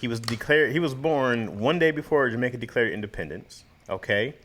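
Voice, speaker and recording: A man's voice: mid-range voice, expressive, fairly quick, a bit bright. A man co-hosting a podcast in loose, joking banter, laughing often and talking in slang. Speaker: podcast co-host. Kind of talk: casual chat.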